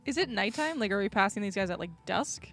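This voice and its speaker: A woman's voice: mid-range voice, expressive, quick pace, fairly bright tone. A woman playing a tabletop game who chats casually and asks questions along the way. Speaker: player.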